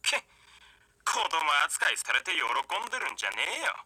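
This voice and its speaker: An actor playing a hot-tempered, rough-talking young man with rabbit ears who snaps rudely at children. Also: fairly high pitch, sing-song, fast talker, sharp tone, dry recording, full character voice, poor audio. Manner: rough, snappish, rude.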